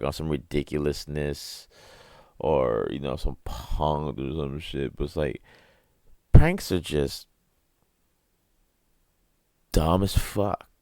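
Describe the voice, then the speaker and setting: A young man hosting a podcast, with a very deep voice, ranting casually and profanely, rambling and laughing at his own jokes. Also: smooth, no echo, clean studio sound. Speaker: podcast host.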